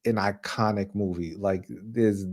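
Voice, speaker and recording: A man's voice: lowish voice, fairly even intonation, measured pace, a little mellow. A man from New York co-hosting a casual movie talk show, rambling with many restarts and filler words. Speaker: co-host. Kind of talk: casual chat.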